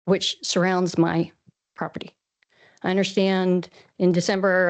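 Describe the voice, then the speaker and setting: A woman farmer from Washington State speaks at a council lectern. She is earnest and rambling, with emotion close to the surface. Her voice sits a little low. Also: highs cut off. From Washington State, USA. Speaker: farmer giving public comment. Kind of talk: public comment at a council meeting. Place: council chamber.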